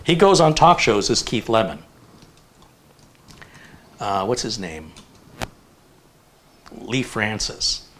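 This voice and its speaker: A man in his fifties hosting a casual live chat, telling stories in an animated, rambling way with lots of fillers. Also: fairly low pitch, slow pace, long pauses, a little hiss or hum. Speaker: host.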